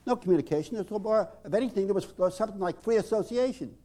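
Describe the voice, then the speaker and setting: A male psychotherapist lecturing on group therapy in a measured, emphatic way with dramatic pauses. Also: high-pitched, mellow.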